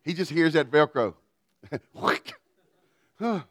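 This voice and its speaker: A man's voice: fairly high pitch, lively intonation, takes it slowly, dry recording, clean studio sound. A man preaching a sermon in a folksy, humorous storytelling way. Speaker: pastor.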